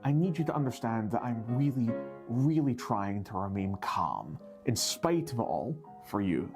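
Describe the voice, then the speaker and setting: A performer voicing a weary, ruthless fantasy monarch who speaks in a low, measured, dryly composed way. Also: animated, a little mellow, faint music behind, close to an everyday voice. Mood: strained calm.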